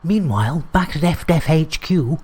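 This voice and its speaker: A woman putting on a slow cutaway narrator voice during a game livestream. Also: low-pitched, animated, a little mellow, husky, pitched below the performer's own voice.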